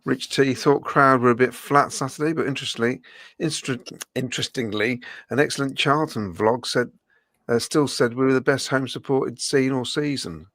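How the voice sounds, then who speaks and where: A man with a croaky voice from a cold, co-hosting a casual fan podcast and reading out viewer comments. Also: medium pitch, normal speed, a bit bright, no echo. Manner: dry, chatty, reads comments aloud.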